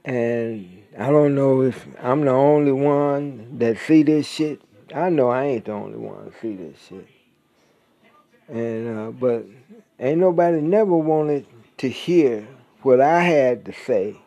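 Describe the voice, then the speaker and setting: Guy going off in a slow angry rant, real dark heavy voice, cussing and mocking, dry sound. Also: medium pitch, no room sound, highs cut off. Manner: blunt, profane, mocking, drawn-out emphasis. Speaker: podcaster. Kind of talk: angry profane ranting monologue.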